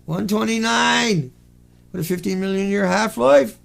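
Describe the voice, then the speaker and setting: A man hosting an online show, talking in a sarcastic, mocking commentary style with animated asides. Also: high voice, unhurried, creaky.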